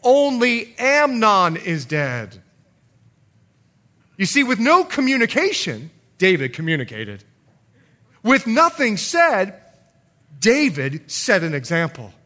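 A middle-aged man preaching a sermon as pastor, telling stories with lively, acted-out voices. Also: high voice. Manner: animated storytelling, acting out quoted voices.

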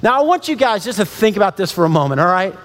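High-voiced preacher in a big echoing hall. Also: male voice, fast. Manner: casual, animated storytelling with laughs and acted-out dialogue. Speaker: pastor. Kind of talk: sermon.

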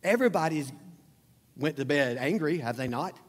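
A man with a slightly high voice, lively intonation and normal speed preaches a sermon as pastor in a church sanctuary. He talks conversationally and emphatically, repeating phrases, and the recording has a long hall reverb.

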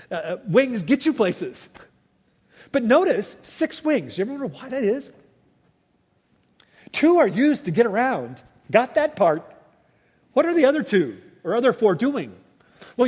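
A male pastor delivering a sermon in a fairly high voice that swings widely up and down. He preaches with lively emphasis and asks his listeners rhetorical questions. The recording carries a long hall reverb. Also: husky. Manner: animated preaching, sweeping pitch, rhetorical questions.

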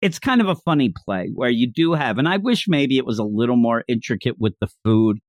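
A man co-hosting a casual chat about a story he is reviewing. He is animated and acts out the scenes in funny voices. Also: medium pitch, fairly quick, no echo. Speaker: podcast co-host.

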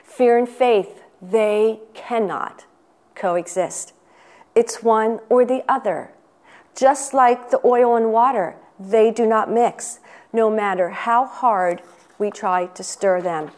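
Slow, earnest woman giving a devotional. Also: a little high, a little mellow. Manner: earnest, asks the listener questions, reads quotations; unhurried, emphatic. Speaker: Sunday school teacher giving a devotional. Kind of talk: devotional sermon.

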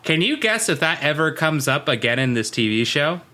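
A man's voice: on the high side, very animated, normal speed, bright, forceful tone. A man co-hosting a podcast, recapping a TV episode in casual, joking chat from his notes. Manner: joking, chatty, reads from notes. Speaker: podcast co-host.

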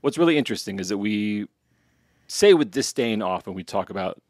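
A man's voice: lowish voice, animated, brisk, darkish tone, no room sound, clean studio sound. A man hosting a podcast in a chatty, playfully wry casual chat. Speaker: podcast host.

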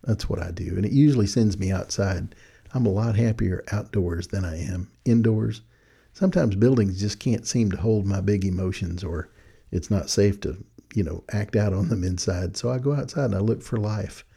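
With a fairly low, dark voice marked by vocal fry and a breathy edge, this podcast host from Texas speaks at a moderate pace. He reflects casually and folksily into a desk studio mic, headphones on, chuckling at his own remarks.

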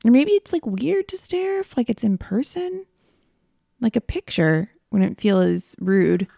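A woman's voice: fairly high pitch, sing-song, unhurried, vocal fry, dark tone, dry recording, clean studio sound. A woman co-hosting a podcast in casual chat, hesitant, filling her talk with "like" and giggling. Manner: hesitant, heavy use of "like", giggly. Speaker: podcast co-host.

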